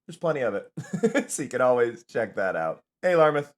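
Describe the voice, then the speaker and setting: A man's voice: medium pitch, sing-song, a little fast. A young man chatting casually on a live stream while playing a game, rambling and laughing often.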